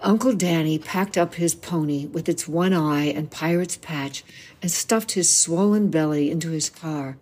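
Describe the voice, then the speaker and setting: A novelist in her seventies from the United States reads a passage from her own book aloud in a low voice. She takes a measured pace and tells the story expressively, voicing the quoted lines.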